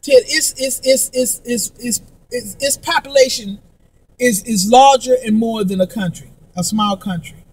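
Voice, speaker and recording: A woman's voice: fairly high pitch, unhurried, breathy edge, far from the mic. A woman vlogger in a profane, angry monologue, repeating herself and stumbling through restarts. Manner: profane, emphatic, repetitive, with heavy stammered restarts.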